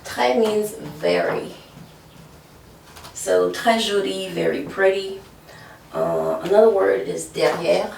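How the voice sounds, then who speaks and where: A woman's voice: lowish voice, very animated, slow pace, creaky, pauses often, a little mellow, slight background noise. A woman teaching French pronunciation, explaining patiently and often checking in with "okay?". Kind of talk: whiteboard language lesson. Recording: echoey room from far off.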